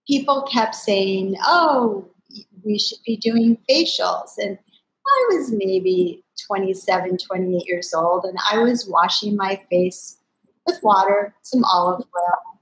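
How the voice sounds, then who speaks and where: Expressive older woman telling a family story. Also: mid-range voice, rough recording. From United States. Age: 60s. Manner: animated, expressive storyteller who acts out family quotes. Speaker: company founder speaking at a summit. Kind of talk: personal storytelling in an interview.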